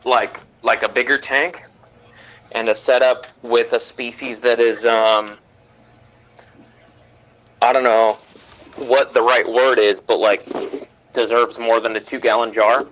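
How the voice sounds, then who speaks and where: Casual male hobbyist, bright tone, hesitant and rambling. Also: medium pitch, flat delivery, slow pace, pauses often, a little hiss or hum, low-quality recording. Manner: rambling, hesitant, with fillers and laughs. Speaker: aquarium hobbyist guest. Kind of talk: casual livestream chat.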